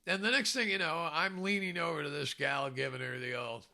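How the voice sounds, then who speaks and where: A man's voice: a little high, steady tone, fairly quick, vocal fry, sharp tone. A man casually telling a self-mocking story, chuckling often as he talks. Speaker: storyteller recalling a film job.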